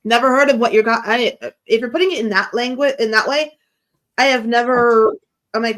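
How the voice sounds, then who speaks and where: A woman's voice: a little high, fairly quick, a bit bright. A woman in a casual chat, talking in long rambling turns full of restarts and questions. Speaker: guest from the American team.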